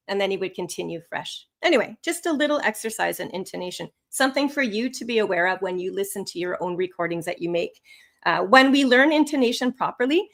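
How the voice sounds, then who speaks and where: A woman instructor teaching English test skills on a live webinar, with lively, rising and falling intonation. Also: mid-range voice.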